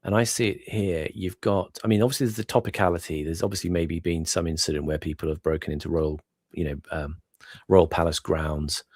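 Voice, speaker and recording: A man's voice: low-pitched, fairly even intonation, brisk, a little mellow, dry recording, clean studio sound. A man talking as a guest in a casual chat, musing and meandering with many asides. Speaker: guest commentator.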